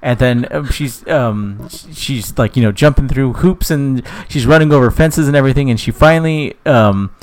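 A man's voice: mid-range voice, moderate pace, hardly any pauses. A young man co-hosting a podcast, telling a rambling, jokey story in casual chat and laughing often. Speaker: podcast co-host.

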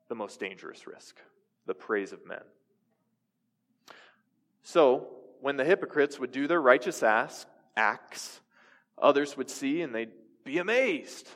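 A man's voice: mid-range voice, slow, long pauses, fairly bright tone. A young adult man preaching a sermon in a conversational style, asking his listeners questions. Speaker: pastor. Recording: reverberant hall.

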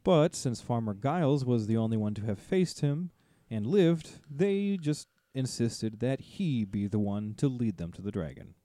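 A man's voice: mid-range voice, big pitch swings, unhurried, hardly any pauses, dark tone, no echo. A man co-hosting a podcast in amused, chatty casual talk. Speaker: podcast co-host. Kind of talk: casual chat.

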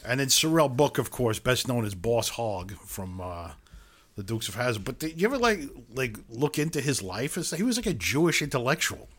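A man co-hosting a podcast, chatting casually about a film and often pausing on fillers. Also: medium pitch, very animated, a bit bright. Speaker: podcast co-host.

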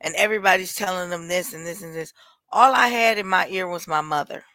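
A woman's voice: on the low side, sharp tone, no room sound. A woman speaking frankly in casual chat, giving her opinion and telling stories from her own life.

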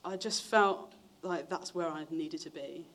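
A man's voice: measured pace, fairly bright tone, slight background noise. A young man, telling his testimony in a sermon in a chatty way, acting out the voices of people he quotes. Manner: chatty storytelling, acts out quoted voices with big pitch jumps. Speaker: preacher.

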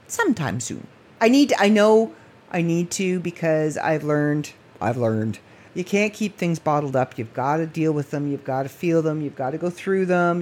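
A woman's voice: deep voice, darkish tone. A woman hosting her own podcast late at night, talking in a rambling, emotional way and laughing often. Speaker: podcast host. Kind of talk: casual late-night monologue.

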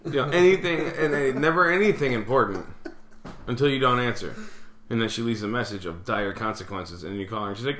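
A man's voice: medium pitch, brisk, a bit bright, slight background noise. A man co-hosting a podcast, telling family stories in casual chat, swearing freely and laughing often. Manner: profane, laughing, mimics relatives in quoted voices. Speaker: podcast co-host. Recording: echoey room.

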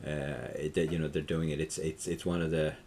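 A middle-aged Irish man, a tech entrepreneur, chatting in an interview, rambling with many restarts and trailing off quietly. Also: a bass voice, little pitch movement, normal speed, creaky, husky. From Ireland. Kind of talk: casual interview chat.

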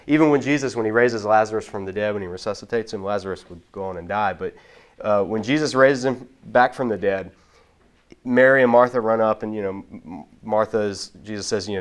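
A man teaching about the Bible in a relaxed, explanatory way, often restarting his sentences. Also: lowish voice, brisk. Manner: explanatory, with frequent restarts and repeated words. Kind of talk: casual teaching talk.

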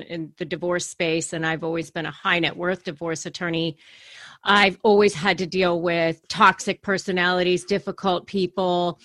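A woman attorney and author, a guest on a podcast, explaining her background in a measured way. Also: lowish voice, a bit bright, dry recording, clean studio sound. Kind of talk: interview answers.

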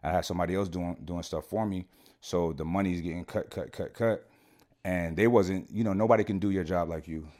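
Deep-voiced man telling a story casually. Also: fairly even intonation, a little fast, a little mellow. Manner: slangy and profane, keeps saying "you know what I'm saying". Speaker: podcast guest.

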